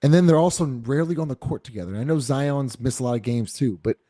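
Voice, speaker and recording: A man's voice: mid-range voice, fast, dark tone, no echo, clean studio sound. A man co-hosting a live postgame sports show, talking casually and hedging with "like". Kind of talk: live sports talk stream.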